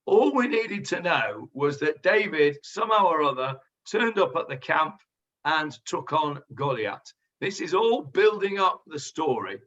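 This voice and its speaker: A rabbi leads a Bible class in a bright, forceful voice pitched a little high. He talks things through with frequent ums and restarts, and the recording sounds dull and lo-fi. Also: very animated, measured pace. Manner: thoughtful, hesitant with many fillers. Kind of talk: teaching and discussing with students.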